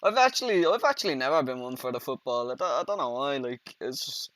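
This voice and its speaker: A young Dublin Irish man with a bright, tense voice in loose podcast banter. His pitch leaps about, and he giggles and swears easily. The sound is dry and close. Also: lively intonation, quick pace, no room sound. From Dublin, Ireland. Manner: giggly, laid-back, sweary. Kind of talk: casual chat.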